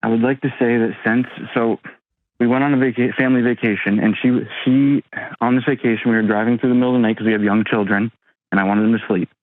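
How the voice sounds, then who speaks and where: A man in his thirties calling an advice show, talking haltingly with many pauses and ums. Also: mid-range voice, fairly even intonation, no room sound. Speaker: caller. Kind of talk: call-in advice talk. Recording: tinny phone line.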